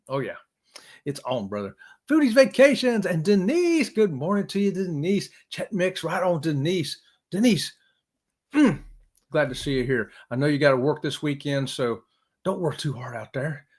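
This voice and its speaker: A man's voice: on the high side, very animated, normal speed, a little mellow, breathy edge. A man hosting a live stream, chatting casually with viewers in an upbeat, joking, folksy way. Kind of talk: casual chat reading viewer comments.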